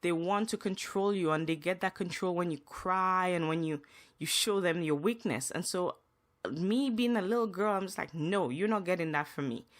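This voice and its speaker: A woman's voice: fairly low pitch, normal speed. A young adult woman hosting a podcast, telling personal stories in a casual, emotional way with frequent restarts. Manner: emotional, earnest storytelling with many restarts. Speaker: podcast host.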